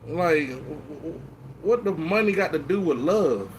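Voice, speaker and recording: A man with a notably high speaking voice chats loosely to his viewers while tipsy. He rambles, trips over repeated words, and swears freely. A faint background hum sits under his talk. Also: lively intonation, a little slow. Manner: rambling, stammering restarts, heavy swearing. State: tipsy from drinking. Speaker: vlogger. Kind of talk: casual live-stream chat to viewers.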